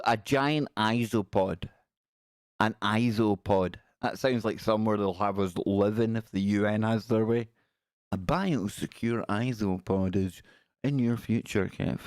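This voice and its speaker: This man hosts a live stream, his medium-pitched voice carrying a darkish tone in a clean studio recording without room sound. Casual and jokey, he tosses off quips as he reacts to pictures out loud.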